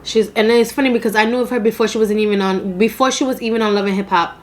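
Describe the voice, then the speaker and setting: A young woman with a New York accent chats casually on her eating show, loud and animated, breaking into laughter as she talks. Her voice sits high for a woman. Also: fast talker. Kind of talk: casual chat while eating.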